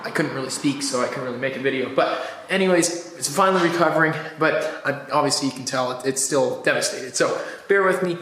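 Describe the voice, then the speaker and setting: A man vlogging casually in a garage, hoarse and scratchy while recovering from a cold, rambling with fillers and restarts. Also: medium pitch, fairly quick, a bit bright. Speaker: car vlogger host. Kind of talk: casual how-to vlog. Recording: echoey garage with long reverb.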